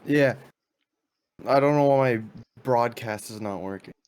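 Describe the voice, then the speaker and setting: A man on a stream's voice chat, talking loudly and repetitively, complaining in casual chat. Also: mid-range voice, unhurried, smooth. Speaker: guest on voice chat.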